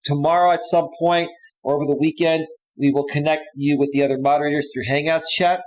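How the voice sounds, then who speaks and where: Man, live stream host, slightly high voice, blunt, dismissive, reads chat comments aloud. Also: steady tone, brisk, poor audio. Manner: blunt and dismissive, with frequent restarts.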